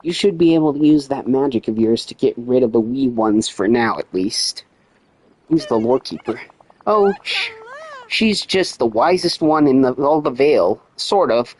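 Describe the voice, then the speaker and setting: Expressive and at normal speed, a man with a darkish mid-range voice streams a video game, cracking sarcastic jokes, cursing, and voicing the in-game dialogue himself in casual commentary. A bit of hiss or hum mars the rough recording.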